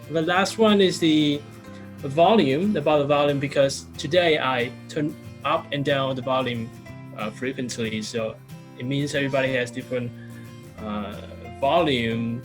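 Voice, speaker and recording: Man with music behind. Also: medium pitch. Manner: plain, listing points one by one with pauses. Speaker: general evaluator. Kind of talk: online meeting report. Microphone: video call.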